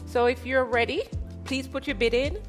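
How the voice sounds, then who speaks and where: A woman taking bids through the chat and relaying them to the auctioneer, brisk and helpful. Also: high voice, soft background music. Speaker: bid taker. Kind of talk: live event announcement.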